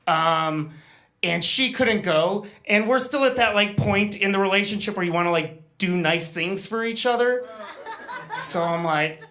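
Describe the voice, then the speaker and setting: A man's voice: sits high, sharp tone. A man doing a live stand-up set, telling a self-deprecating story with stammers and acted-out quotes. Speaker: stand-up comedian. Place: live comedy stage before an audience.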